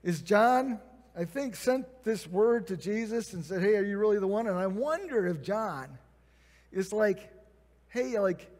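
A man's voice: sits high, lively intonation, a little slow, darkish tone. A man preaching a conversational sermon, acting out quoted prayers and replies. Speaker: pastor. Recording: long reverb of a church hall.

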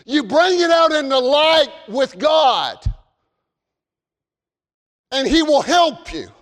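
A man with a Southern US accent preaching a fervent sermon, shifting between shouted warnings and folksy storytelling. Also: very high voice, very animated, slow pace, big-room sound. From American South.

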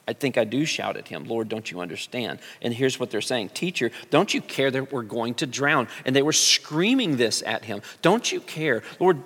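A man preaching a sermon as a pastor, speaking earnestly and sometimes rising into loud pleading cries. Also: mid-range voice, long reverb tail.

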